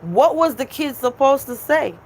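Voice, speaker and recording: A woman's voice: sits high, lively intonation, a little slow, a little mellow. Frustrated woman venting on a live stream. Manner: venting, profane, emphatic repetition. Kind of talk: casual live-stream rant.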